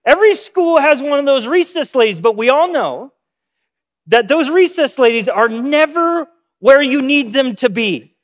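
A male pastor, his voice extremely high and expressive, speaks at a moderate pace as he opens the sermon with an anecdote and acts out what its characters say.

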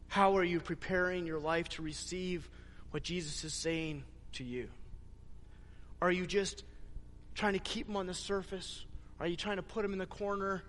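High-voiced preacher in a reverberant hall. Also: male voice, moderate pace. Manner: animated retelling of scripture with acted dialogue. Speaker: pastor. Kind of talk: sermon.

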